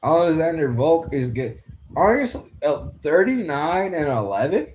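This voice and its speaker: A man's voice: a little high, very animated, a little slow, a little mellow. A young man hosting a casual fight commentary, rambling loosely and swearing now and then. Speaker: podcast host commentating a fight card.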